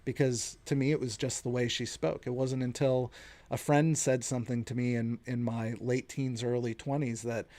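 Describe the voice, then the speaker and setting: A man's voice: medium pitch, little pitch movement, moderate pace, mellow. A man in his late thirties from the United States hosting a solo podcast, giving his opinions in an earnest, conversational way. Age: late 30s. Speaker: podcast host.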